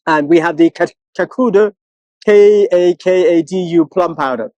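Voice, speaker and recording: A man, chatting as co-host in a casual interview and telling stories, often mimicking other people in a high mocking voice. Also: normal speed, a little mellow, no echo, highs cut off. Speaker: co-host, one of twin brothers.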